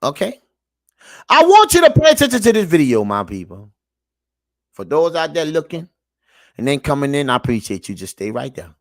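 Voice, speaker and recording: Pausing often at a moderate pace, this man hosts an online show where he reacts to clips in a sermon-like, street-preacher style, his pitch swooping all over. He shifts abruptly from low muttering to emphatic shouting, circles back to repeat himself, and calls out to his audience. The recording is clean studio sound with no echo.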